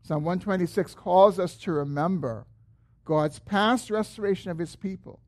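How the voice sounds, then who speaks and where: A man preaching a sermon as pastor. He is earnest, lifts his voice when he quotes a prayer, and drops low and slow at the end of phrases.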